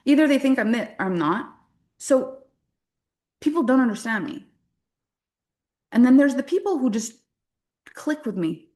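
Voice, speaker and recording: Candid, animated woman coaching a crowd. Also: high-pitched, unhurried, pauses often. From French-speaking Canada. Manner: candid, animated, self-deprecating, laughs often. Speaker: business coach. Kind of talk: motivational workshop talk.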